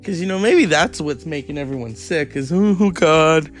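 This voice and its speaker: A man's voice: on the high side, animated, fairly quick, faint music behind. A man hosting a podcast, telling rambling stories in a chatty, profane way. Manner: rambling storyteller, profane, chatty with many fillers. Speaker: podcast host. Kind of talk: casual podcast monologue.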